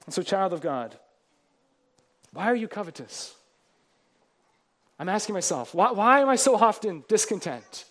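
A man's voice: high voice, animated, moderate pace. A man preaching a sermon as pastor to his congregation, earnest, building emphasis through repeated phrases.

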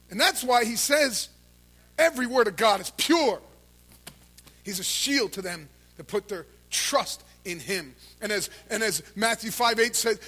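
A man preaching a sermon, his voice pitched high and ringing bright. He swings between shouted calls to the congregation and low, intense stretches of talk, all delivered from the pulpit of a church service. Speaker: pastor.

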